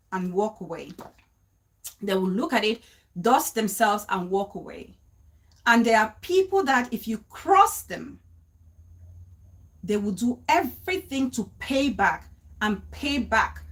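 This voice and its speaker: A woman hosting a casual livestream, talking straight to her viewers, repeating her points and breaking off to greet people in the chat. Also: mid-range voice. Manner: animated, repeats phrases, greets chat viewers mid-sentence, laughs easily. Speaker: livestream host. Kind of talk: casual live-stream talk to viewers.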